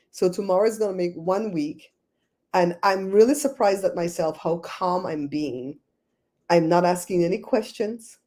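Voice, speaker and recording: A woman's voice: on the low side, warm tone. A woman hosting a casual livestream, chatting with viewers by name and laughing often. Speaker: livestream host.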